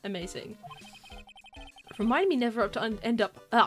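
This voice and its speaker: A woman streamer commentates a live game playthrough in an excitable, chatty way, laughing often. Her voice is high, bright and sharp, with faint game music underneath. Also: normal speed, pauses often.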